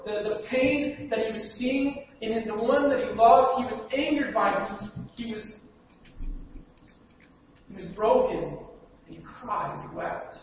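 A male preacher giving an earnest sermon, stumbling over repeated words and swinging between loud stress and near-quiet. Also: sits high. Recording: dull, echoey hall from far off, faint hiss.

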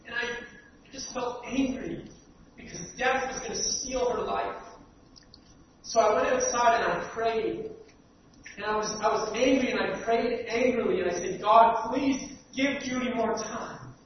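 Guy preaching w a pretty high voice, earnest, repeats himself, swings loud then real quiet, big echoey hall far from the mic. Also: unhurried. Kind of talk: sermon. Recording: dull, echoey hall from far off, faint hiss.

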